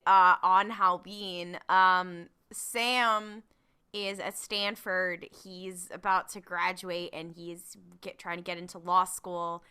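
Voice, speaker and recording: A woman's voice: on the low side, flat delivery, slow, bright, forceful tone, clear, resonant tone. A woman co-hosting a podcast, recapping a TV episode in casual chat, blunt and joking with frequent swearing. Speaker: podcast co-host.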